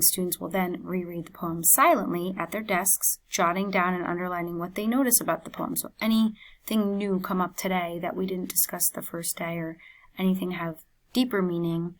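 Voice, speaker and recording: Young female teacher, lowish voice, measured instructional read-through. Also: a bit bright. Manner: explanatory, measured delivery with fillers. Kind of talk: instructional presentation.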